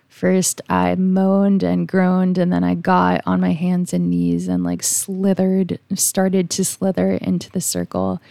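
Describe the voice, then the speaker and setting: A woman's voice: fairly low pitch, gravelly, darkish tone, dry recording. A woman podcast host telling a personal story in a solo episode, earnest and emotionally open, with casual swearing.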